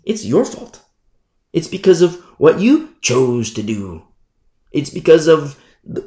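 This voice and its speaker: A man preaching a sermon as pastor, emphatic, swinging from loud declarations to hushed asides and mimicking sinners' excuses. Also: medium pitch, gravelly, roomy sound.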